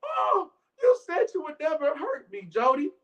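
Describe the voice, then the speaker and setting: A man's voice: steady tone, quick pace, bright, forceful tone, recorded from a distance, highs cut off, full character voice. A man voicing a tearful young wife in a fight, whiny and pleading in a raised voice. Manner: whiny, pleading, high-pitched.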